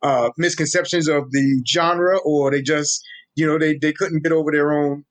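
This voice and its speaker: A young man speaking in a New York accent, in a somewhat raised voice. He talks in a casual, street-flavored way, full of energy, repeating words and restarting sentences as he explains things. He sounds relaxed and ready to teach. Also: a little high, normal speed. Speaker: guest, social media Tolkien explainer. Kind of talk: casual interview talk.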